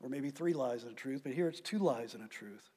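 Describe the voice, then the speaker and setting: A man preaching a sermon, stressing key words loudly and then dropping to quiet asides. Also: medium pitch, brisk, husky. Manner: emphatic preaching, swinging between loud stresses and quiet drops. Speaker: pastor. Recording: long hall reverb.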